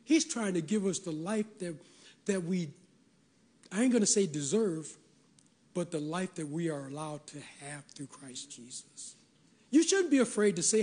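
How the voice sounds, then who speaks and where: Husky high-voiced male pastor preaching. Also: expressive, moderate pace, darkish tone. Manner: folksy, emphatic, breaks into acted quotes. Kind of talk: sermon.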